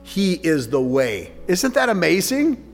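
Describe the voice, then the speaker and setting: Animated preacher in a reverberant hall. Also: male voice, sits high, unhurried. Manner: conversational, animated storytelling preacher. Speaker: pastor. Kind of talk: sermon during communion. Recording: reverberant hall with faint music.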